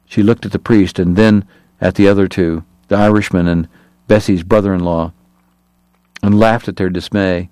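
Low-voiced male audiobook narrator. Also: fairly even intonation, normal speed, a little mellow, dry recording. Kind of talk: scripted narration.

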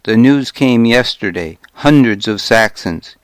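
A man's voice: mid-range voice, lively intonation, a little slow, dry recording, lightly acted. A man reading the part of a brusque, curt, gray-haired older woman in an audiobook. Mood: plain.

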